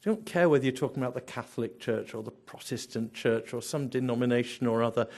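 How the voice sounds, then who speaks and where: A man's voice: medium pitch, quick pace, a little mellow. A man preaching a sermon, emphatic, building through repeated phrases and rhetorical questions.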